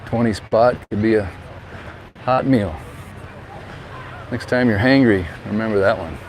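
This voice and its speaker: A man's voice: lowish voice, measured pace, poor audio. Chatty man vlogging outdoors. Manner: chatty, relaxed tour-guide commentary. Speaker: vlogger and real estate agent. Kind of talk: casual walking vlog narration. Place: outdoors by a harbor and town street. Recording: outdoor street noise.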